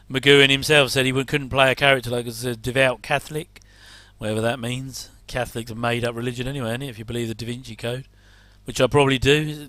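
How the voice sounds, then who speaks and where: A man's voice: medium pitch, sharp tone, no echo. A middle-aged English man rambling casually through a reaction commentary, with chatty, self-deprecating asides. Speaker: host.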